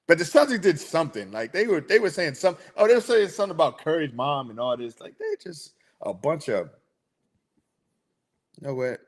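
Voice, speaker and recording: Young man, sports podcast host, rambling animated chat, slightly high voice. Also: moderate pace. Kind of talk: casual chat.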